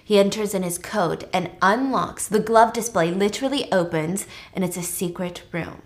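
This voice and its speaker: A woman hosting a casual chat, recapping a movie in an animated, joking way. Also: medium pitch, moderate pace. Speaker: host.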